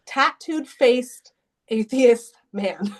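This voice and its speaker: A woman's voice: a little high, expressive, very slow. Earnest woman sharing her faith story. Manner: earnest and emotional, with many restarts and bursts of laughter. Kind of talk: personal testimony in an interview.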